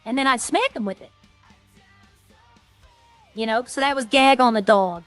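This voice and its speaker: A woman's voice: fairly high pitch, moderate pace, a bit bright, no echo, faint music behind. A woman streamer rambling in casual, self-deprecating chat with her viewers.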